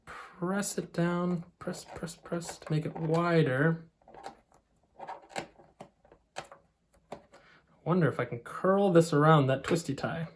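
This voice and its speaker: A man's voice: fairly high pitch, fairly even intonation, takes it slowly, long pauses, slight background noise. A man art teacher talking children through a clay craft, step by step. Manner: friendly, step-by-step instruction.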